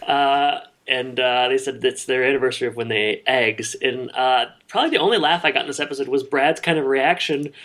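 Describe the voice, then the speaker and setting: A man co-hosting a podcast, casually recapping a sitcom episode with plenty of fillers and pauses. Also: medium pitch. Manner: relaxed, hesitant with many fillers. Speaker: podcast co-host.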